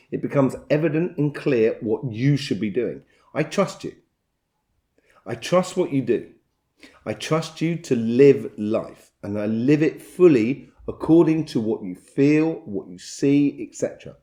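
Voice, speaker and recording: Brief: male tarot reader, warm mellow tone, rambling and chatty delivery. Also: mid-range voice. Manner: rambling and chatty, with soft laughs. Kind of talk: casual tarot reading monologue.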